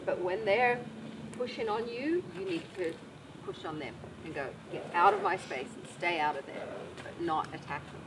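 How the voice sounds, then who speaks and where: A woman horse trainer explaining horse behaviour outdoors by a paddock, acting out little voices as she talks. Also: mid-range voice. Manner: animated, acts out little voices for horses and people. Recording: distant mic with loud outdoor noise.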